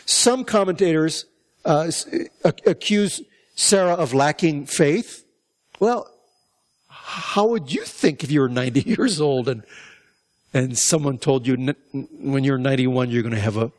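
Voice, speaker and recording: Man preaching, fairly high voice, conversational Bible teaching, rhetorical questions. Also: a little mellow. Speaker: pastor. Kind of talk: sermon.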